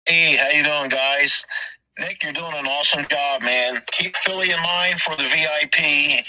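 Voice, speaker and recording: Bright-voiced chatty male caller. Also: a little high, steady tone, moderate pace, dry recording, rough recording. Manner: chatty storyteller. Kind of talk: casual call-in question.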